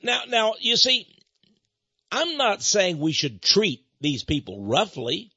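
A husky older man holds forth on his radio show, his voice a little high and rising and falling in lively swoops. He preaches in an emphatic monologue, dropping into quiet asides before bursting out loud, and chuckles often. The sound is dull and lo-fi, like an old broadcast. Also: slow pace, dry recording.

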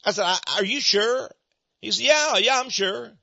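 High, bright-voiced American preacher storytelling. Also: male voice, normal speed, gravelly, no room sound. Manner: animated, acts out both sides of conversations. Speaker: Christian speaker on Freemasonry. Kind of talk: storytelling sermon talk. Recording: dull muffled lo-fi recording.

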